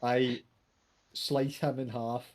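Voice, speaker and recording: A man playing in a tabletop game, asking terse, deadpan questions. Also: mid-range voice, slow pace. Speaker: player. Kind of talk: casual tabletop game chat.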